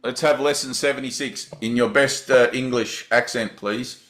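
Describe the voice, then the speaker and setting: A man leading a spiritual group session over a video call, speaking gently with short encouraging affirmations. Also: mid-range voice, steady tone, moderate pace, roomy sound.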